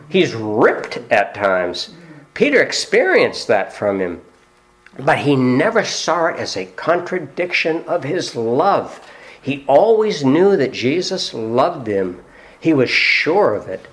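A man preaching a sermon in a conversational way. He puts rhetorical questions to his congregation and often fills pauses with "uh.". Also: medium pitch. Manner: frequent "uh" fillers. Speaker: pastor.

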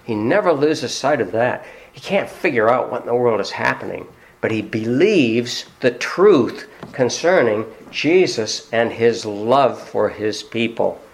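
A man's voice: medium pitch, lively intonation, a little slow, gravelly. Conversational male preacher with rhetorical questions. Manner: frequent "uh" fillers. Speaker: pastor. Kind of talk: sermon.

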